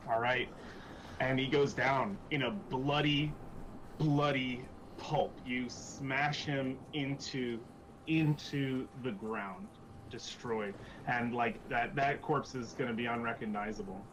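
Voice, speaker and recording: A man narrating as game master of a tabletop game, halting and repeating words as he goes. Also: medium pitch, fairly bright tone, slight background noise, poor audio.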